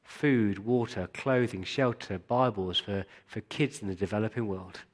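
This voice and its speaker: A man's voice: on the low side, a little slow. Earnest male pastor preaching. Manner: earnest, direct appeals to the congregation. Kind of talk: sermon.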